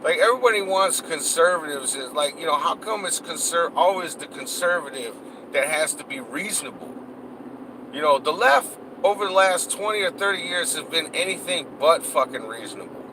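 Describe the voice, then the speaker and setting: Guy going off in a heated profane rant, kinda high voice, traffic hum behind him. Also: animated, moderate pace. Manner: heated, cursing, repetitive. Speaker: political vlogger.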